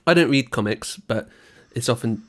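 Brief: male co-host, playful questioner, medium-pitched everyday voice. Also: animated, moderate pace. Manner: teasing, questioning. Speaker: podcast co-host. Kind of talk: casual chat.

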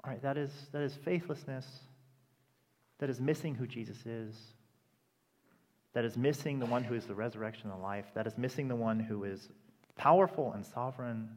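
A man preaching a sermon with impassioned delivery that rises to loud, emphatic peaks. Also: medium pitch, brisk. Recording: long reverb of a hall.

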